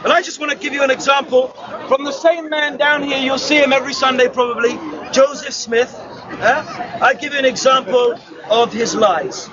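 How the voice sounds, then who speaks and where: A man preaches in the open air with a very high, strained voice, shouting and pressing his listeners with rhetorical questions. A crowd murmurs and street noise carries behind him. The recording is dull and lo-fi. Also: steady tone, moderate pace. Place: outdoors in an urban park.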